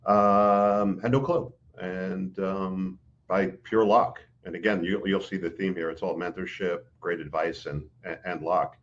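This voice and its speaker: Middle-aged male podcast guest, deep register, animated anecdotal delivery with fillers, slightly muffled recording. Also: unhurried. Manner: animated storyteller, acts out quoted dialogue, frequent fillers. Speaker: interview guest, executive recruiter. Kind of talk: casual storytelling in a podcast interview. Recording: dull, lo-fi audio.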